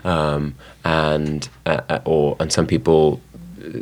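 A man's voice: a bass voice, level tone, slow pace, a little mellow. A young man with a London accent, an actor chatting in an interview, hesitant with many fillers and restarts. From southwest London, England. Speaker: actor, guest. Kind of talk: casual interview chat.

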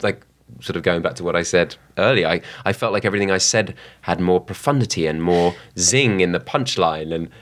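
Low-voiced hesitant man chatting. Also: fairly quick, hardly any pauses, fairly bright tone. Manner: hesitant, lots of restarts. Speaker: actor guest. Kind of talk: casual chat.

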